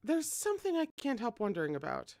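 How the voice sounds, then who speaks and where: A fan reader voicing an earnest young female coworker who speaks hesitantly with a lowered voice. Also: wildly swooping pitch, brisk, gravelly, a little mellow, no room sound, clean studio sound.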